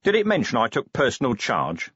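A man voicing a gruff, weary middle-aged police commander who talks bluntly and grumpily in an audiobook. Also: mid-range voice, huge pitch swings, fairly quick, a bit bright, dry recording, lo-fi sound, voice pushed up, exaggerated voice. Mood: grumpy.

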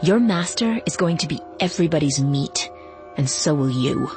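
A woman reading the lines of an arrogant young female master vampire, slow and threatening. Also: animated, over music. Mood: menacing. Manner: slow, low, threatening delivery.

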